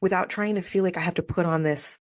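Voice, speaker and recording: A woman's voice: on the low side, steady tone, fast talker, no echo. A young woman hosting her spiritual podcast, talking candidly and emotionally, full of casual fillers. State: near tears at times. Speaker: podcast host. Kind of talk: personal spiritual podcast monologue.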